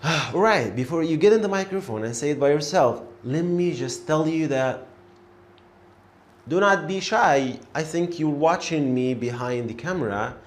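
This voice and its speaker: A man teaching a beginner lesson, repeating each letter clearly and encouraging the learner. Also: on the high side, expressive, normal speed. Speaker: Arabic teacher.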